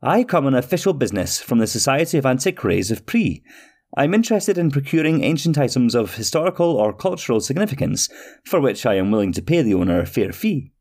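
A man voicing a cheerful, fussy little male traveller in a storybook tale, with an eager, quick, high manner. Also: sing-song, darkish tone.

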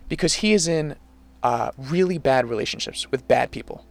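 A young man co-hosting a podcast, casually telling an animated story full of swearing. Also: a little high, normal speed, gravelly, no echo. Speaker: podcast co-host. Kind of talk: casual chat.

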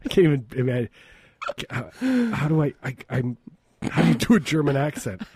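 Male comedy podcast host, husky, dry recording, rambling jokey delivery. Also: mid-range voice, a little fast, darkish tone, no echo. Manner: rambling, jokey, trails off with fillers and restarts. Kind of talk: casual comedic banter.

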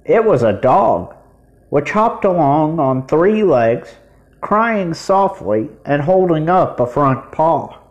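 A man reading a children's chapter book aloud, expressive and voicing the children. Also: on the high side, slow pace, lo-fi sound. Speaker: podcast reader.

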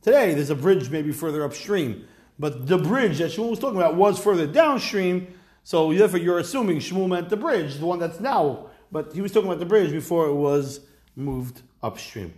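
Rabbi teaching a Talmud class. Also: male voice, a little high, expressive, moderate pace, darkish tone. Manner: reads Aramaic phrases, then explains in casual asides; wry, joking aside.

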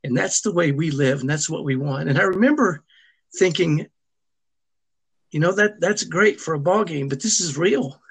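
A man's voice: fairly high pitch, animated, slightly rough. A middle-aged man telling a personal family story as an interview guest, earnest and emotional, often restarting his sentences. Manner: earnest, halting, with frequent restarts.

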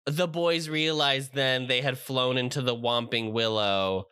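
Man co-host, bright tone, thinks aloud, dry close sound. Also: medium pitch, fairly even intonation, measured pace, smooth, dry recording. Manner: musing, thinks aloud with restarts. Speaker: podcast co-host. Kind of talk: casual chat.

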